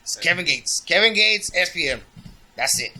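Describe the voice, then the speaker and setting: A man's voice: sits high, lively intonation, moderate pace, noisy background. A man from the Rio Grande Valley, co-hosting a podcast, profane and laughing as he tells stories. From the Rio Grande Valley, Texas. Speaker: podcast co-host. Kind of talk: casual chat.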